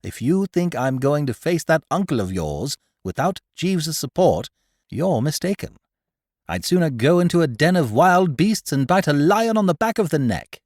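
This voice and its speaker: A man voicing a breezy, jolly young upper-class gentleman with chirpy chatter. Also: a little high, very animated, normal speed, no room sound, clean studio sound, voice pushed up. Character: young male English toff, breezy and jolly.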